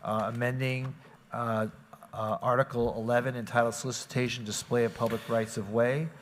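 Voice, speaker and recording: A man serving as mayor and chairing a city meeting, informal and halting, often repeating himself into a desk microphone in council chambers. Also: mid-range voice, flat delivery, in a large hall, slight background noise.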